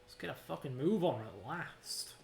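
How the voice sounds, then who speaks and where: A woman's voice: extremely low pitch, lively intonation, moderate pace, gravelly, echoey room. A young woman streaming a retro game, talking bluntly and sarcastically, with plenty of swearing. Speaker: streamer playing retro games. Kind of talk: casual let's-play commentary.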